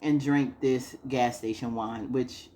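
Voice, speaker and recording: A woman's voice: extremely low pitch, fairly even intonation, takes it slowly, dark tone. A woman chatting casually through a TV episode recap, acting out the characters' lines with frequent laughs. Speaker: TV recap vlogger.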